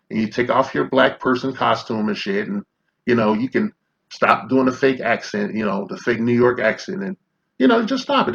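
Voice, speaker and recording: A man's voice: mid-range voice, creaky, fairly bright tone, muffled recording. A man in his fifties from Chicago, ranting in confrontational, profane commentary full of rhetorical questions. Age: 50s. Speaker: commentary vlogger.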